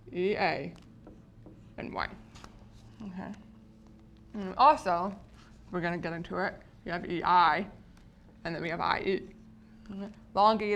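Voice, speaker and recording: A woman's voice: lowish voice, creaky, fairly bright tone, slight background noise. A woman explaining spelling patterns to teachers in a patient lesson, often checking in with the listeners. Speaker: teacher educator.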